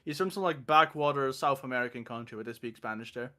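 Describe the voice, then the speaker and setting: A man's voice: medium pitch, fast, bright, forceful tone. A young Dutch man hosting a casual stream chat, laughing as he rambles through comedy scenes. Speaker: streamer host.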